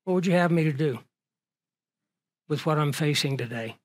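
A preacher delivers an earnest sermon in a fairly high voice at a moderate pace. He works through rhetorical questions, letting his volume swell before dropping low for emphasis.

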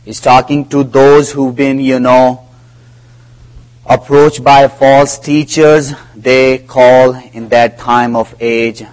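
A man preaching a sermon in a slow, deliberate way, with non-native grammar, who retells conversations in a lowered voice. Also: level tone, a little mellow, rough recording.

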